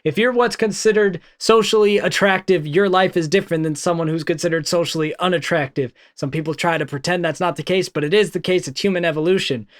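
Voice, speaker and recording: A man hosts a reaction video in loose, chatty commentary. He breaks off to talk to his viewers about subscribing. His voice sits high for a man. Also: fairly even intonation, fast talker, hardly any pauses.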